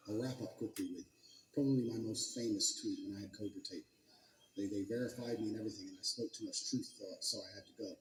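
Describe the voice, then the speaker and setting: A man giving a blunt, profane motivational monologue, talking forcefully and with heavy emphasis. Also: medium pitch, slight background noise. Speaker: motivational speaker. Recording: roomy echo with faint ambience.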